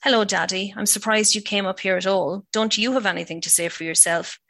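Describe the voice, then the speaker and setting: A woman's voice: medium pitch, steady tone, fairly quick, fairly bright tone. A woman reading the lines of a defiant young wife who confronts her parents. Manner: defiant, cutting.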